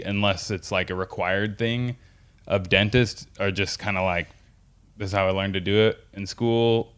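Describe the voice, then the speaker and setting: Deep-voiced rambling male podcast host. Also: a bit bright, clear, resonant tone. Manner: rambling, many fillers and restarts. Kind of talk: casual interview chat.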